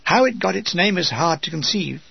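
A man's voice: sits high, lively intonation, normal speed, creaky, breathy edge, dry recording. An older British man with a wry, dry comic manner, reading his war memoir aloud. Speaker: memoir narrator. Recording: dull, dry lo-fi recording.

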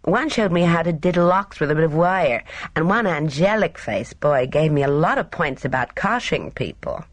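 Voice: medium pitch, expressive, normal speed, no echo, close to an everyday voice. A reader voicing a cheerful, careless young woman who chatters in airy, slangy upper-class talk. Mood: breezy.

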